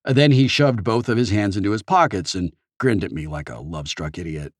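A man narrating an audiobook in the first person with expressive storytelling. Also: on the low side, fairly quick, dry recording, studio quality.

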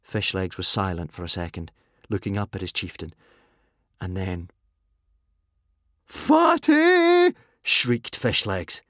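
A man narrating a children's storybook with a dry, lively comic delivery. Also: low-pitched, moderate pace, no echo. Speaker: audiobook narrator. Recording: dry close studio read with faint music.

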